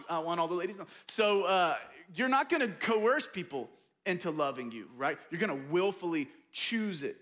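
High, bright-voiced emphatic young preacher man. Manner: emphatic preaching, swings between loud and hushed. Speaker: pastor. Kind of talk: sermon.

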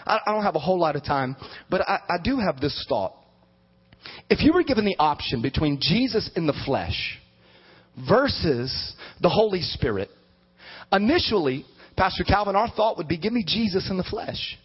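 High husky-voiced preacher in his thirties. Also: normal speed. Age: 30s. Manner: animated, rising to shouted emphasis. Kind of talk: sermon. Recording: dull lo-fi sound.

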